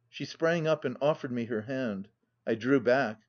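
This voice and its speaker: A man narrating a classic novel as an audiobook in an even, measured reading style. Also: medium pitch. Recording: slightly dull lo-fi audio.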